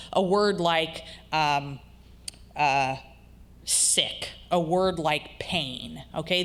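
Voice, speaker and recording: Brief: woman instructor, slightly low voice, lecturing patiently and checking that students follow. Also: fairly bright tone. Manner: explanatory, checks in with the audience. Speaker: college instructor. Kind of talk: recorded lecture.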